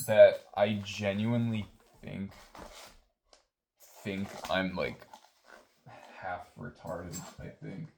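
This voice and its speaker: A man's voice: fairly low pitch, slow pace, vocal fry, pauses often, a little mellow. A young man talking to himself in a casual, rambling, self-deprecating way while he fixes an engine, moving near and away from the camera. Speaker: vlogger. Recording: echoey room with faint noise.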